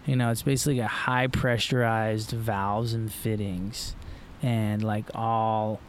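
A man's voice: lowish voice, little pitch movement, takes it slowly, a little hiss or hum. A middle-aged man from Florida, a pro surfer guest, talking in a loose, rambling way with lots of fillers and restarts. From Florida, USA. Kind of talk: casual podcast conversation.

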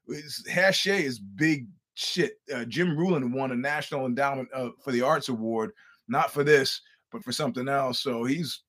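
A man's voice: medium pitch, normal speed. A man hosting a podcast, telling a long profane story in a casual monologue and acting out what people said. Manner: profane, animated storytelling with acted-out quotes. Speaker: podcast host.

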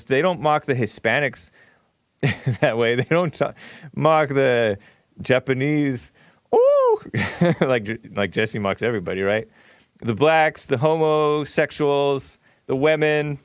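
A man's voice: medium pitch, measured pace, clean tone, no room sound, clean studio sound. A man hosting a call-in show, talking in a casual, rambling, opinionated way and laughing often. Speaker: talk show host. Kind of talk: casual call-in radio commentary.

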